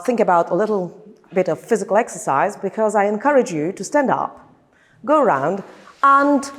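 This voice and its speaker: A Polish-accented woman, a lecturer leading a workshop, speaking hesitantly with many fillers and restarts in a large hall. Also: mid-range voice. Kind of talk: workshop instruction. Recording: long hall reverb.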